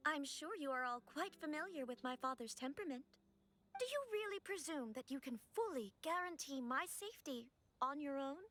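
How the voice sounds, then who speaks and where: A woman's voice: sits high, expressive, normal speed, pushed and bright. An actress voicing a haughty young noblewoman in a game cutscene, formal and imperious.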